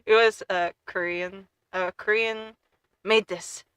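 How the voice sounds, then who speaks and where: Bright, gushing young-sounding woman streamer. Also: mid-range voice, takes it slowly, clear, resonant tone, no room sound, rough recording. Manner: gushing and excitable, with frequent stumbles and restarts. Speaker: VTuber streamer. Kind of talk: casual stream chat.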